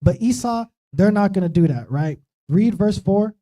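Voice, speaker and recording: Sitting high and sounding expressive, the warm-toned voice belongs to a preacher moving at a moderate pace. He leads an informal Bible study for a streamed church talk show, keeping things conversational and frequently tossing in "right?".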